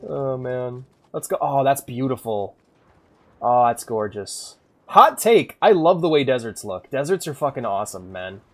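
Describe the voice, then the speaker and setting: A man streaming a video game, commentating casually and excitably, swearing often and reading game text aloud. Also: medium pitch, unhurried.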